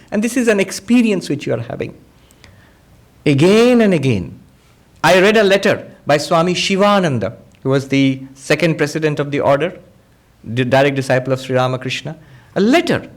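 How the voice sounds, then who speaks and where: A monk teaching a spiritual discourse, patiently explaining ideas through everyday examples and quoted dialogue. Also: male voice, high voice. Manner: acts out quoted speakers in dialogue.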